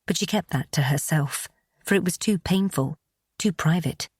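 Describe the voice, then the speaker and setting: A woman narrating an audiobook in a measured, even storytelling delivery, recorded close on a studio mic. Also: fairly low pitch, breathy edge, dry recording.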